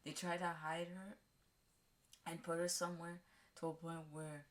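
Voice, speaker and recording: A woman vlogger casually recapping a movie, rambling with halting restarts and fillers. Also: fairly low pitch, flat delivery. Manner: acts out characters' lines in a raised voice.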